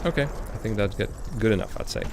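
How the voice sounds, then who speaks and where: A man streaming a game, chatty and excitable, laughing and reacting to the action. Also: lowish voice, fast talker, heavy background noise. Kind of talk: casual gameplay commentary. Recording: game music behind the voice.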